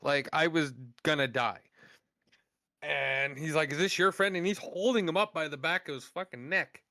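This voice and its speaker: A man telling profane stories in a casual podcast chat, animated and blunt. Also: on the high side, moderate pace, dry recording. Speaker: podcast host.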